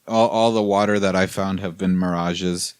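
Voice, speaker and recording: A man co-hosting a casual podcast, giving dry, deadpan short answers. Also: deep voice, moderate pace, clear, resonant tone, dry recording. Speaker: podcast co-host. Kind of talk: casual chat.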